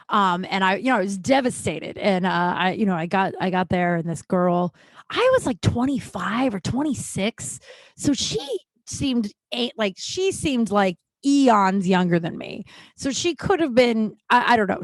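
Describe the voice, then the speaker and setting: A woman in her thirties talks through a personal story as a podcast host, chatty and rambling, stopping and restarting her sentences. Her voice sits at an ordinary pitch for a woman. It is recorded close and dry, with no room echo. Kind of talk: casual storytelling monologue.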